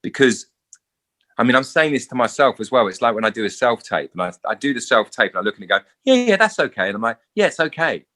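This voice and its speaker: Animated English man telling stories. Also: medium pitch. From England. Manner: animated storyteller, acts out quoted voices. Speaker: guest actor. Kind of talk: casual interview.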